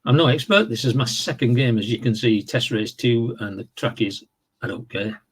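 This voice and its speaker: A man casually walking through the rules of a horse racing board game, explaining in a relaxed, rambling way with fillers and self-corrections. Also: medium pitch, moderate pace, breathy edge. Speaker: tabletop game reviewer. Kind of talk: casual tabletop game walkthrough.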